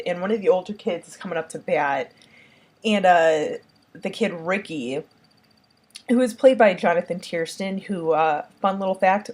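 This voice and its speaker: A woman reviewing a horror film in casual talk. She rambles and gushes, with constant fillers like "like" and "um". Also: fairly low pitch. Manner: rambling, heavy use of "like" and "um"; enthusiastic, gushing.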